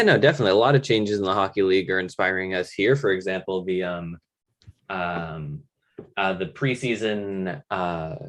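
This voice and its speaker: A young man co-hosting a fantasy league podcast, talking casually and often hesitating to search for words. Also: deep voice. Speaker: podcast co-host.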